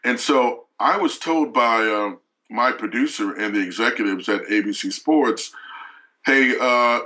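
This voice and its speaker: Bright-voiced man telling a story. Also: medium pitch, poor audio. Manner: halting, with frequent restarts and fillers. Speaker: guest. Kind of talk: emotional storytelling.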